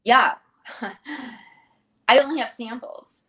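A woman in her thirties, an interview guest, telling a personal story in a lively way and acting out the voices of the people in it. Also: on the high side, slow pace. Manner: animated, acts out quoted voices.

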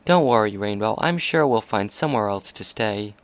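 A man's voice: on the low side, lively intonation, normal speed, no echo, lightly acted. A man reading aloud and voicing a courteous, slightly nervous young female unicorn pony. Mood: reassuring.

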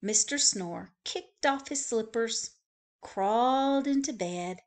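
A woman librarian reading a picture book aloud to young children, expressive and full of sound effects. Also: on the high side, takes it slowly.

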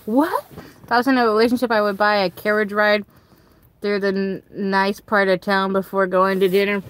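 A young woman from the American South talks casually to her livestream audience from home, giggling and squealing out quotes. Her pitch barely moves, her pace is normal, her tone a bit bright, and there's a little hiss or hum.

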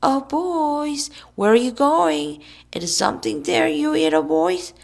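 Lady doing a wild hooting kid in a storybook, high squeaky voice, gravelly edge. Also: lively intonation, a little slow, exaggerated voice. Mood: shrill taunting. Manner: shrill, hooting, giddy. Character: wild excitable boy prankster playing crazy.

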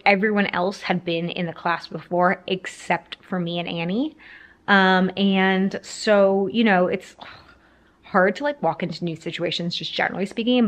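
A young woman telling a casual storytime to camera, rambling with lots of fillers. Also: on the low side. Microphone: camera framing, talking to camera.

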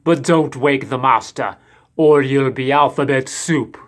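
A man voicing a crooked capital letter I, a creepy castle servant with a creaky voice. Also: mid-range voice, close to an everyday voice. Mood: sinister. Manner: slow and sinister.

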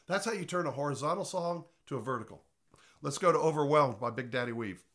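A man's voice: a little high, expressive, fast, fairly bright tone. A pastor giving an informal, earnest teaching with a slightly congested voice, often restarting his words.

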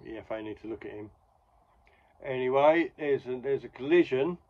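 A man's voice: mid-range voice, normal speed, phone-quality sound. A man in his forties casually retelling a comic strip with wry asides. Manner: wry, conversational, full of asides. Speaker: comics podcast host.

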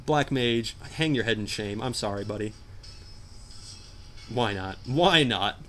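A young man giving jokey, animated commentary while playing a hard video game, often shouting in frustration. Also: fairly low pitch, measured pace, soft background music. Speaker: gameplay commentator. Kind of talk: let's play commentary.

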